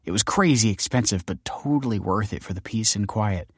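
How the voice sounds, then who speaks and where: A man's voice: lowish voice, lively intonation, fairly quick, husky, dry recording, studio quality. A man voicing a chatty, gushing new mother who coos and rambles. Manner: bubbly, cooing, chatty.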